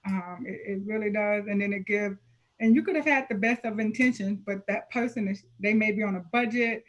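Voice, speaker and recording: A woman's voice: medium pitch, a little fast, highs cut off. A woman hosting an online panel on a video call, affirming her guests and moving the session along. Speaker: host.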